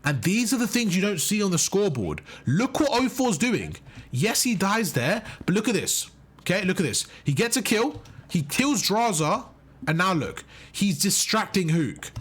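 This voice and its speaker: Male coach, slightly raspy, pitch a touch high, pushes points hard while walking through footage. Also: big pitch swings, normal speed, fairly bright tone. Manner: emphatic, keeps checking in with "right?" and "okay?". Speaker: competitive gaming coach. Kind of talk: breaking down match footage.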